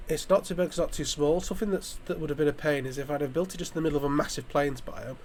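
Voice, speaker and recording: A man's voice: on the high side, steady tone, racing, darkish tone. A man with a slightly raised voice talks through his game as a casual let's play commentary. He thinks aloud and rambles, restarting his sentences as ideas come to him. A faint hiss sits under his voice.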